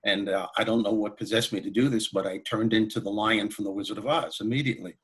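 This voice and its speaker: A man who is a comedian and motivational speaker, telling anecdotes as a guest in an interview in an animated way. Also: fairly low pitch, quick pace, breathy edge. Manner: animated, anecdotal, laughs while telling stories. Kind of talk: storytelling in an interview.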